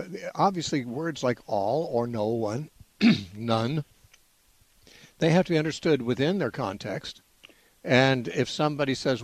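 A man hosting a call-in radio Bible show, explaining in a measured way with frequent "uh" restarts. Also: medium pitch, no echo. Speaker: radio Bible-answer host.

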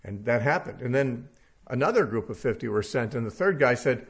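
A man's voice: mid-range voice, lively intonation, fairly quick. A man teaching through a Bible passage verse by verse, talking casually and thinking aloud with frequent fillers.

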